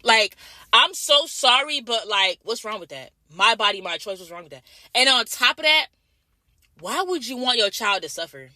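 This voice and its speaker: A woman's voice: a little high, expressive, moderate pace, sharp tone, no room sound. A woman from Jamaica in a casual vlog, ranting bluntly and profanely, repeating her points over and over. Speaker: vlogger.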